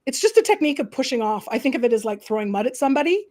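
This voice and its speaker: Her voice is high and racing as this middle-aged woman from Canada's prairies hosts an easygoing chat. She stays animated throughout, slipping into quoted voices.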